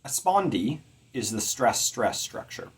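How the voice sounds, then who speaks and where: A middle-aged man teaching about poetic meter in an earnest, measured way, carefully stressing his words. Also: mid-range voice, sing-song, husky. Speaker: poetry teacher.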